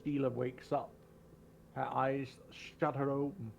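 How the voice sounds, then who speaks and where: Slow gravelly man narrating a tabletop game. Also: medium pitch, little pitch movement, dull audio, faint music behind. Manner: slow, descriptive narration with fillers. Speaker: game master.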